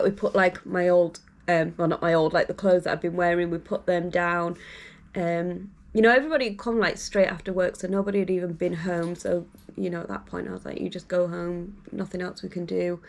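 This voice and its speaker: A woman's voice: lowish voice, gravelly, slight background noise. A young woman telling a long story to camera in a rambling, casual way, full of fillers. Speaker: vlogger.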